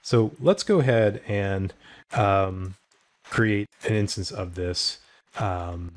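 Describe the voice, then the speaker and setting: A middle-aged man with a somewhat low voice teaches programming in a screen-recorded tutorial. He talks through each line of code step by step, with many small "uh"s along the way. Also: slow pace. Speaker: programming instructor.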